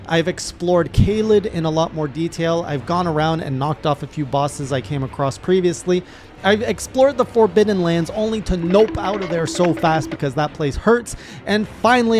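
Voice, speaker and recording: A man, a gaming streamer, recapping his playthrough in casual narration with animated, excited reactions. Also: a little high, moderate pace, slight background noise.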